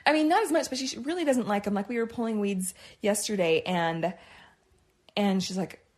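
A woman's voice: medium pitch, normal speed, a little mellow. A woman in her thirties co-hosting a podcast, telling a story in a casual chat and laughing along. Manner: chatty, laughs while telling stories. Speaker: podcast co-host.

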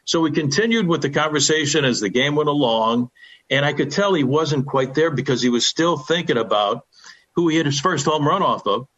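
A man's voice: on the high side, brisk, a bit bright, dull audio. An older man, a radio sports broadcaster, telling a folksy baseball anecdote with reverence for the game. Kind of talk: storytelling on a sports radio show.

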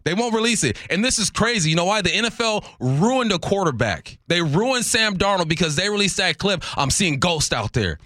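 A man in his late thirties riffs and rants on sports radio, his pitch jumping all over. His voice is bright and ringing, and the sound is close and dry. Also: brisk, hardly any pauses, no echo. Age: 30s. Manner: animated, ranting, jokey. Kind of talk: sports talk radio banter.

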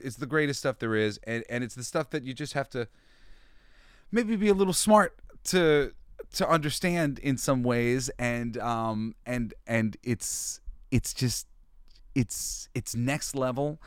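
Animated, swearing man telling stories. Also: medium pitch, a little slow, smooth, dry recording, clean studio sound. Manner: animated, laughs often, swears, loose restarts. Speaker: host. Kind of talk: casual storytelling monologue.

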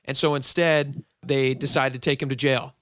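Bright-voiced male radio host. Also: mid-range voice, little pitch movement, moderate pace, dry recording, clean studio sound. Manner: upbeat, leading questions. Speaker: radio talk show host. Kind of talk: radio interview.

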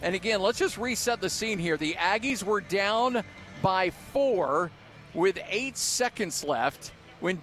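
A man with a fairly high voice calls a postgame radio show from the arena booth. He moves from excited wrap-up to a steady, filler-laced run through the box score. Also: slight background noise. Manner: excited, then thoughtful stat recap with fillers. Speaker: radio sports broadcaster.

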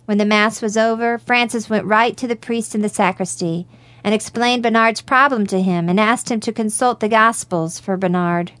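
A woman reads a story aloud in a measured, gentle way. Her voice sits at a middle pitch. The recording is dry and close. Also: no echo. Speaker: narrator.

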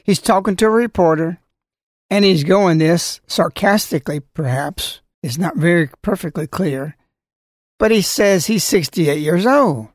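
A man's voice: high voice, animated, measured pace, no echo, studio quality. A man giving a scolding religious talk, full of rhetorical questions and warnings. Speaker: religious speaker. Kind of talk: preaching talk.

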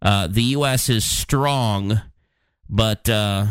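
A man's voice: on the low side, slow pace, clear, resonant tone, no room sound, clean studio sound. A man hosting a talk show, running through news headlines with sarcastic, plain-spoken commentary and frequent fillers. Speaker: podcast host.

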